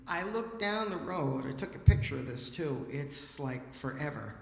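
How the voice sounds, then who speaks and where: A man telling a story on stage at a library event, lively and casual, acting out the dialogue. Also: fairly high pitch, normal speed, hardly any pauses. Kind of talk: animated live storytelling. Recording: roomy hall with long reverb.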